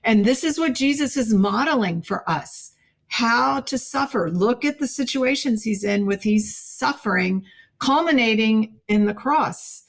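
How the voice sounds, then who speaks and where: A woman's voice: a little high, a little slow. Earnest woman telling a faith story. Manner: earnest, animated storytelling with quoted dialogue. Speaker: podcast guest. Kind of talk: storytelling in a podcast interview.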